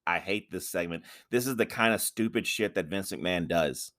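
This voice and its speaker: A man co-hosting a casual podcast, ranting loudly with lots of swearing and restarts. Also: deep voice, moderate pace. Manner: ranting, profane, repeats himself. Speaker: podcast co-host. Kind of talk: casual wrestling chat.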